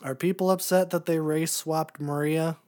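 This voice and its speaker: A man's voice: a little high, fairly even intonation, normal speed. Laid-back rambling podcast guy. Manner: rambling, laughs often, trails off into quiet filler. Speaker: podcast co-host. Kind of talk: casual chat.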